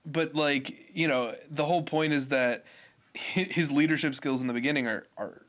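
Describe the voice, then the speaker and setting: A man's voice: fairly high pitch, normal speed, a bit bright. A man co-hosting a casual podcast chat, talking hesitantly with frequent fillers and restarts. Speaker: podcast co-host.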